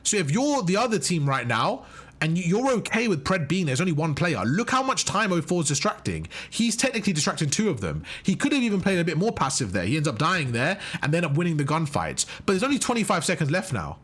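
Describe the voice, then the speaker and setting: A man's voice: fairly high pitch, wildly swooping pitch, fast talker, fairly bright tone, slightly rough. A man coaching viewers through match footage, emphatic and often checking in with "right?" and "okay?". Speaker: competitive gaming coach.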